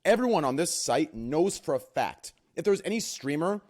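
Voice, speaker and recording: A high-voiced man rants in a heated podcast argument, his pitch swinging wildly as he swears and talks over everyone. He sounds furious and worked up. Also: very animated, moderate pace, a little mellow. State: worked up and sweating. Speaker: podcast host.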